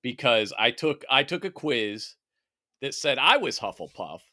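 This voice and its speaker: A man co-hosts a casual podcast from his own mic. His tone is bright and forceful and the sound is dry and close. He chats loosely, laughs often and swears freely. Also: mid-range voice, sing-song, a little slow, no echo. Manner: laughing, chatty, profane. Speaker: podcast co-host.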